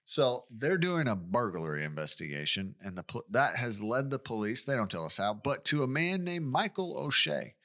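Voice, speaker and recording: A man's voice: mid-range voice, big pitch swings, normal speed, few pauses, sharp tone. A man co-hosting a podcast, recounting a true-crime case in casual chat with asides and questions. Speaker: podcast co-host.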